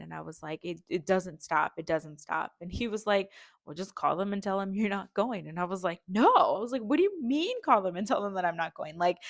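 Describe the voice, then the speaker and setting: A woman's voice: fairly low pitch, fairly bright tone, dry recording, studio quality. A young woman hosting her own podcast, telling a personal story in a chatty way, full of fillers, and acting out what people said. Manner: chatty, many fillers, acts out quoted talk. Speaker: podcast host.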